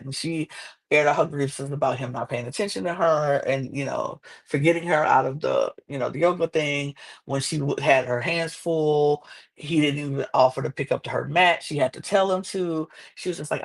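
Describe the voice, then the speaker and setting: A woman hosting a podcast, recapping a reality show in casual, animated chat. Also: deep voice, normal speed. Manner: chatty, animated, quotes people in exaggerated voices.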